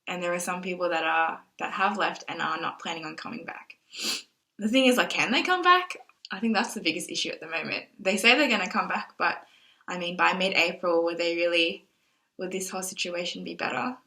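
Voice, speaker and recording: A woman's voice: fairly low pitch, a little fast, pushed and bright, rough recording. A young woman vlogging to camera, anxious and rambling as she thinks aloud, tearful at times. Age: young adult. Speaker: exchange student vlogger. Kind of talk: casual vlog talk to camera.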